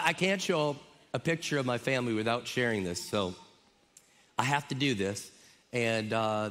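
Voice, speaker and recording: A man's voice: mid-range voice, fairly bright tone. A middle-aged man from Minnesota, a guest pastor preaching with enthusiasm and a joking, friendly way with the crowd. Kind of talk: sermon. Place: large church auditorium. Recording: long reverb in a church hall. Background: congregation audible.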